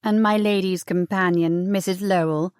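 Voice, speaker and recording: A woman's voice: fairly low pitch, fairly even intonation, normal speed, darkish tone, smooth, no room sound, clean studio sound, lightly acted. A woman voicing a bold, cheeky young woman with a breezy, brash manner.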